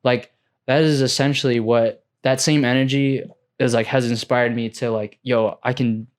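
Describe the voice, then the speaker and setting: A man's voice: mid-range voice, moderate pace. A young man co-hosting a gaming podcast, chatting casually with lots of "like" and "bro". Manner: relaxed, full of "like" and "bro". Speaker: podcast co-host. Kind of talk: casual chat.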